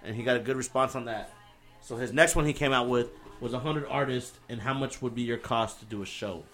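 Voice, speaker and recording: A man rambling through an anecdote on a casual podcast, his voice dropping and trailing off as he talks. He has a middling pitch, and clear music plays in the background. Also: fairly quick, a bit bright. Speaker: podcast regular. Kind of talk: casual storytelling chat.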